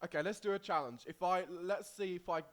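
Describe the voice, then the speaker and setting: A man's voice: high-pitched, quick pace, fairly bright tone. A young man co-hosting a casual podcast, teasing his partner and often breaking into giggles. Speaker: podcast co-host. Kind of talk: casual chat.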